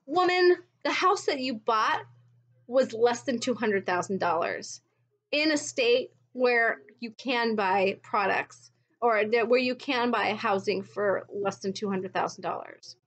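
A woman's voice: mid-range voice, measured pace, a bit bright, muffled recording. A woman vlogging at home in a blunt, exasperated tone, with mocking asides. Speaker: vlogger recounting her MLM experience. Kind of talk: casual commentary video.

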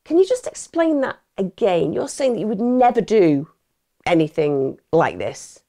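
A woman's voice: mid-range voice, very animated, a little slow, dark tone, pitched above the performer's own voice. A woman playing a determined detective who confronts a suspect with sarcastic, incredulous questions.

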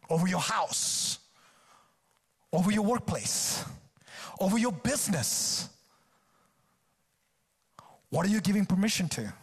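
A man's voice: high voice, husky. A male guest preacher delivering a sermon at a church service, exhorting with emphatic repetition.

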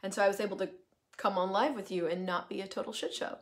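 A woman talks straight to her live viewers in a loose, animated way. She throws in swear words and wanders into asides, and her pitch sits in the middle of her range. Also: fast. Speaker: host, coaching facilitator. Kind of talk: casual live-stream monologue.

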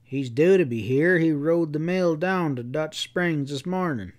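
A stubborn cowboy who shields his friend, as a man reading aloud plays him protests and pleads in plain folksy words. The voice runs a little high. It belongs in a storybook western. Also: a little slow, natural voice. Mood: protesting.

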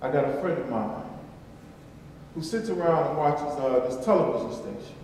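A man's voice: on the high side, animated, moderate pace, darkish tone, a little hiss or hum. A man preaching a sermon as pastor, emphatic and repetitive, in a large church. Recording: echoey church hall from far off.

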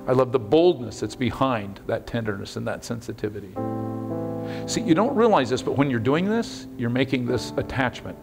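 A middle-aged pastor preaches in a loose, conversational way, swinging between lively bursts and quiet, close moments. His voice sits at an ordinary pitch for a man. Guitar music plays clearly beneath him in the church sanctuary. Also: normal speed. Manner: conversational, animated, with sudden shouts and hushed moments. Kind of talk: sermon.

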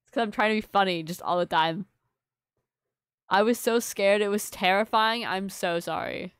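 A woman's voice: mid-range voice, moderate pace, fairly bright tone, clear, resonant tone, no echo. A young woman live-streaming to her viewers in casual chat, rambling and apologetic, full of fillers. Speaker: livestreamer.

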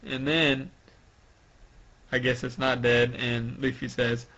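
Slow, bright-voiced young man. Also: mid-range voice, little pitch movement. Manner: slow, hesitant, reading out quotes with shouted emphasis. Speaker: podcast host. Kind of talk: casual chat recapping a manga chapter. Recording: dull lo-fi sound.

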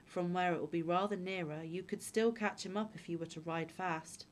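A woman's voice: on the low side, fairly even intonation, normal speed, slight background noise, natural voice. A woman voicing a scheming, smug peasant man in a fairy-tale reading. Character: sly, scheming male peasant, middle-aged.

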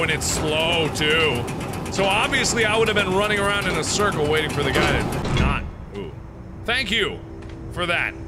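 A man playing a horror game who screams, swears and panics, then settles into calm musing. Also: high voice. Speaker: let's play host.

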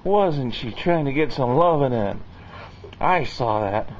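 A man filming his dogs at home, coaxing them in high baby talk and chatting casually to the camera. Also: expressive, slow, lo-fi sound, a little hiss or hum. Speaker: dog owner filming his pets.

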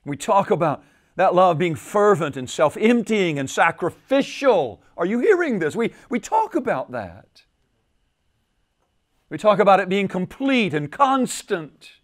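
High-voiced preacher with rising emphasis. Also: male voice, sing-song, unhurried. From United States. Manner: repeats phrases, rises and falls in pitch and volume for emphasis. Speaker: pastor. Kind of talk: sermon. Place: church at a men's retreat.

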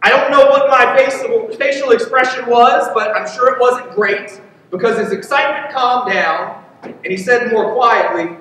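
A pastor with a very high voice tells a story from the pulpit in an earnest, personal way. He sounds distant from the mic, and his words ring through a big hall with a long trailing reverb. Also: normal speed, pushed and bright. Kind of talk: sermon. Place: church sanctuary. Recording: echoey hall from far off.

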